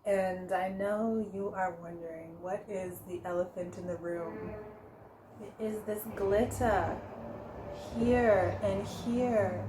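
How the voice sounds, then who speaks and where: A woman giving a casual tarot reading for her vlog, chatty and quick to laugh, often stopping to correct herself. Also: mid-range voice, echoey room, background noise. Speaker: tarot reader.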